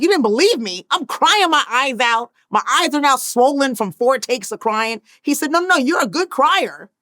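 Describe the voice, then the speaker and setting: Animated woman in her fifties telling a story. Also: fairly high pitch, dry recording, studio quality. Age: 50s. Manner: acts out quoted voices, swings between hushed and loud. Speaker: actress and interview guest.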